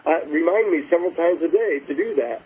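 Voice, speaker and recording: A man's voice: a little high, a little fast, husky. A man guest talking casually and enthusiastically in an interview, telling anecdotes with frequent restarts. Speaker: guest author. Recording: phone-like line with faint hiss.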